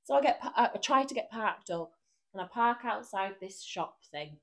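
A woman, co-hosting a podcast and telling a lively anecdote in casual chat. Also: mid-range voice, moderate pace. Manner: animated anecdote-telling with frequent laughter and acted quotes. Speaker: podcast co-host.

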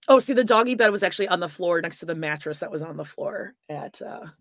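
A woman's voice: fairly low pitch, lively intonation, fast talker, a bit bright, no echo, studio quality. A woman co-hosting a podcast in casual chat, teasing and self-deprecating. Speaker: podcast co-host.

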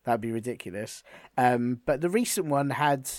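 A man's voice: mid-range voice, moderate pace, no room sound, clean studio sound. A man, talking enthusiastically in a casual chat, full of restarts. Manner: enthusiastic, animated storytelling with many restarts.

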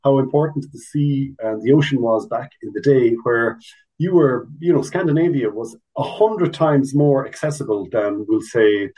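A man of ordinary pitch chats as an interview guest. He explains things loosely and warmly, doubling back on his words and tossing in asides as he goes. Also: normal speed, low-quality recording. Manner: chatty and explanatory, full of restarts and asides. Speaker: guest, Irish language officer. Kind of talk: casual interview chat.

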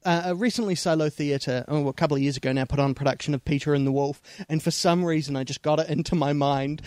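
A man's voice: on the high side, steady tone, fast, a little mellow, no echo. A man co-hosting a casual, comedic movie review chat, laughing often and jumping between asides. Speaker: podcast co-host.

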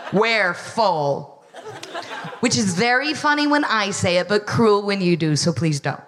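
An American woman in her thirties tells a wry stand-up story, her voice at an ordinary middle pitch. She slips into quoted voices as she goes. A faint room noise sits under her. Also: expressive, moderate pace. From United States. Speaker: comedian, co-host. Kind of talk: stand-up comedy set. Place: live venue with audience.

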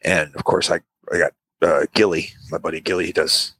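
A man's voice: sits low, flat delivery, a little fast, a bit bright, dry recording. A man in a casual chat, telling a rambling, laid-back story and acting out what people said.

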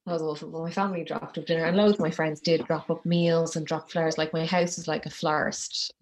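A woman, speaking as a guest in a halting, soft-spoken personal account, tearful at times, with many fillers. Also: low voice, flat delivery.

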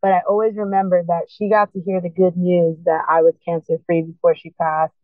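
A woman's voice: on the low side, level tone, brisk, no echo. Woman guest pouring out her story, fired up and earnest, sounds like a thin phone line, dry. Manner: earnest, impassioned, urgent encouragement. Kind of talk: emotional personal testimony.

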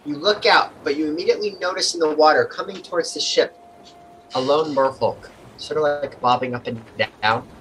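Bright-toned man running a tabletop game. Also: a little high, normal speed, a little hiss or hum, low-quality recording. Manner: casual, loose narration with "sort of, like" fillers. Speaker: game master.

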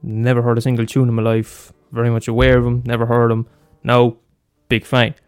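Faint music sits behind a man hosting a solo podcast in a medium-pitched voice that's clear, resonant and darkish. His delivery is completely flat and brisk, and he rambles casually with heavy swearing, fillers and restarts.

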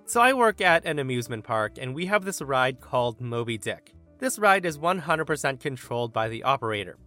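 A male podcast host reading internet stories aloud with an animated, expressive delivery. His voice is bright and sits a little high, and it swings widely in pitch. Soft music plays faintly underneath. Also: fairly quick. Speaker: story narrator and podcast host.

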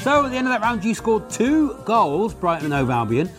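Male quiz host, fairly high, very lively, playful, music behind. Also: a little fast. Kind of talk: hosting a comedy sports quiz.

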